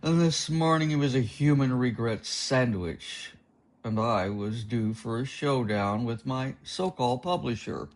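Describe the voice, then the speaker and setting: A man narrating a first-person novel as an audiobook, in a slow, wry and expressive reading. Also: mid-range voice.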